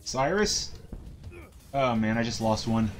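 A man's voice: mid-range voice, animated, takes it slowly, soft background music. A man streaming a game live and commenting casually, often stammering and filling gaps with ums and uhs.

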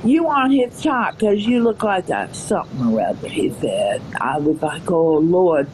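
A woman's voice: lowish voice, sing-song, noisy background. A woman putting on a prim, pious church lady with a put-on Southern drawl, scolding and humming "mm-hmm". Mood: gossiping. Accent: put-on American Southern. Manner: slow drawl, scolding, sing-song "mm-hmm"s. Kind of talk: mocking impression on a live stream.

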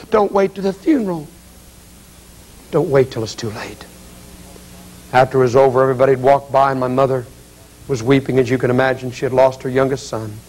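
A man preaching as an evangelist in an auditorium, telling a story with acted quotes and building to loud, pleading appeals. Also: mid-range voice, low-quality recording. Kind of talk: dramatic revival sermon.

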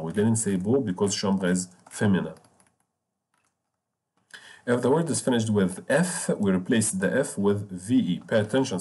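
A man whose first language is Arabic teaches a beginners' language class in English. His voice sits low and mellow. He is patient, repeats each word and spells it out letter by letter. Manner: patient, repetitive, spells out words slowly. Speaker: French teacher. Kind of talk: explaining a language lesson.

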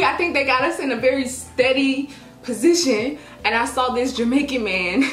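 A young woman vlogger telling a story in a casual, dramatic, animated way. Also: on the high side. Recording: echoey room with faint music.

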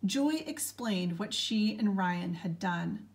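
A woman narrating a children's storybook aloud with a clear, gentle storytelling delivery. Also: medium pitch, expressive, slow pace.

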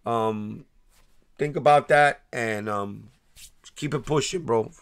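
A man hosting a casual sneaker livestream, heartfelt and restarting his words as he gives viewers shout-outs. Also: mid-range voice, slow, clear, resonant tone. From New York.

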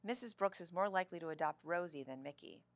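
A woman's voice: on the low side, quick pace, lightly acted. Teasing skeptical boy, read by a woman.

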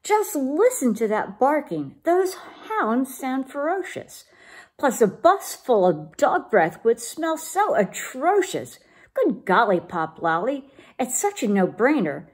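A woman's voice: high-pitched, very animated, moderate pace, hardly any pauses, pitched above the performer's own voice. A woman voicing a fussy, dramatic mother cat in a storybook read-aloud, speaking emphatically.

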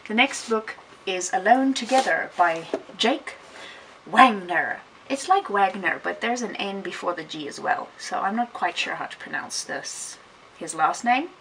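A woman's voice: mid-range voice, expressive, normal speed, a bit bright, a little hiss or hum. Chatty woman, distant camera mic. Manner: chatty and rambling, with self-corrections. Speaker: vlogger. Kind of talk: casual bookshelf tour vlog. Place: room at home beside a bookshelf.

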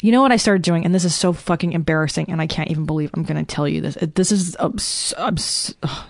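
A woman's voice: low voice, fast talker, dry recording, clean studio sound. A woman guest on a podcast, talking candidly and self-deprecatingly and swearing freely. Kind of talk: candid conversation.

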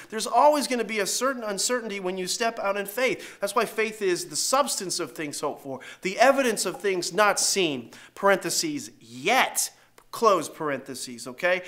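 A middle-aged man preaching a sermon as pastor, animated and acting out voices in his stories. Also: high voice.

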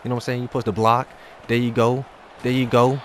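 A man giving live commentary over his own gameplay as a YouTuber, ranting in exasperation and swinging between muttering and shouting. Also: mid-range voice, flat delivery, quick pace, a faint crowd, slight background noise. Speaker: gaming YouTuber.

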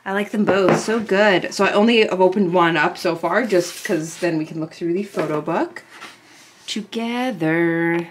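A woman vlogger gushing over an album as she unboxes it at her desk, in casual, excitable chat. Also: on the low side, unhurried, background noise. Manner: gushing, excitable fan talk.

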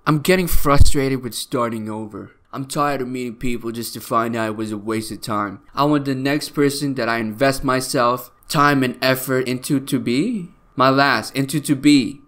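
A video host with a mid-range, slightly bright voice reads tweets out loud, mocking them with sarcastic remarks and laughing often.

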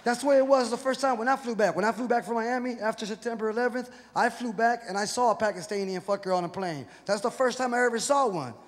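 High-voiced profane male comedian from Texas. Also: fast, hardly any pauses. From Houston, Texas. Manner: profane, animated, acts out voices. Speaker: stand-up comedian. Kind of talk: stand-up comedy. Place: live comedy venue with audience. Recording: echoey hall with crowd noise.

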